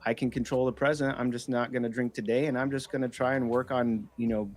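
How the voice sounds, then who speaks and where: A man in his thirties speaks with a medium-pitched voice on a casual podcast. He is earnest and encouraging, leaning into his points and cursing for emphasis. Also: little pitch movement, quick pace, darkish tone, faint music behind. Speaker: podcast co-host. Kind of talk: casual conversational podcast chat.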